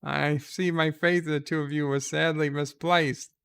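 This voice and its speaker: A man's voice: fairly high pitch, little pitch movement, normal speed, vocal fry, a bit bright, clean tone. A man putting on the voice of a stern male starfleet captain scolding two cadets in clipped tones.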